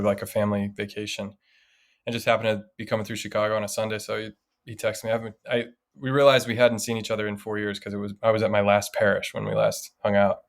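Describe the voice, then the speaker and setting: A man in his thirties telling a story in a casual podcast chat, animated and laughing as he goes. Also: fairly low pitch. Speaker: podcast co-host.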